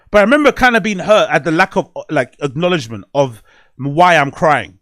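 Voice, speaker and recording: A man's voice: fairly high pitch, animated, fairly quick, a bit bright, dry recording, clean studio sound. Candid man rambling on a podcast. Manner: candid, rambling storytelling with frequent swearing and fillers. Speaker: podcast host. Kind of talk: casual podcast monologue.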